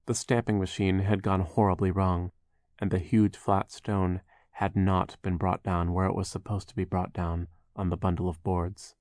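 Deep-voiced man reading a storybook. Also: flat delivery, darkish tone, no room sound, studio quality. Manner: measured storytelling, wry asides. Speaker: audiobook narrator. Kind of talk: scripted narration.

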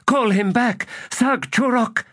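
A man narrating an audiobook and voicing a desperate, defiant human woman priestess who pleads and then shouts in panic. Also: lively intonation, a little slow, no room sound, studio quality. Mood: frantic shouting. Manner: pleading, then shrill and frantic.

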